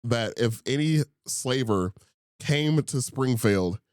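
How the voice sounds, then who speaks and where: A young man from Indiana, USA, co-hosts a casual podcast chat, laughing often and talking with lots of fillers and restarts. His mid-range voice is animated and slow, recorded at studio quality with no echo.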